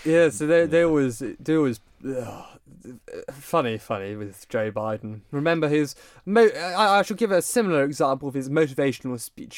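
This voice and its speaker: Lively mock-formal man. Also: a little high, normal speed, dry recording, studio quality. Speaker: podcast host. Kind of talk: casual political chat show.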